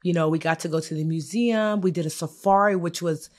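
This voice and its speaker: A woman co-hosting a podcast in a studio, telling a story in an animated, chatty way. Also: fairly low pitch, brisk. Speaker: podcast co-host. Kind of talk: casual chat.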